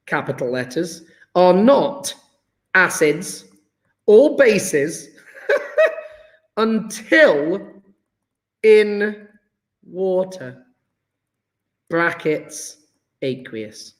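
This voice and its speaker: Upbeat male chemistry teacher, high voice, echoey room, lively and encouraging. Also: drawn-out words, pauses often. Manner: chatty, enthusiastic, praising students by name. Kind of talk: live online lesson. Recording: roomy echo.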